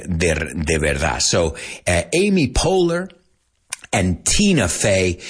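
A man's voice: on the low side, a bit bright, slightly rough. A man teaching English as a language lesson, explaining words in Spanish and switching back and forth between the two languages.

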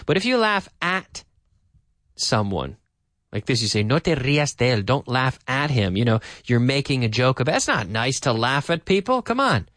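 A man teaching an English lesson, repeating phrases slowly and then explaining them. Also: medium pitch, very animated, a bit bright, dry recording, studio quality.

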